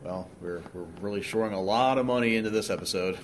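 A man's voice: fairly low pitch, fast talker, a little hiss or hum. Dry-humored man co-hosting a podcast. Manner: dry, wry quips and short replies. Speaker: podcast co-host. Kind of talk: casual podcast chat.

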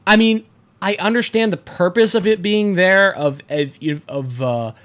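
A young man co-hosting a casual movie chat, talking haltingly and restarting his sentences. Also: sits high, fairly bright tone. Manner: halting, repeats words, stammering restarts. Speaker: podcast co-host.

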